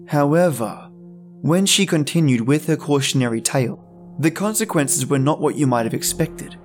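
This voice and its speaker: A man hosting a podcast, narrating horror stories in a measured, dramatic reading. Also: on the high side, lively intonation. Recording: soft music bed.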